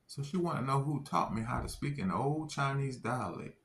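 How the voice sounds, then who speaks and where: A man giving an earnest religious testimony, speaking deliberately and stressing key phrases. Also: mid-range voice, expressive, gravelly, a bit bright.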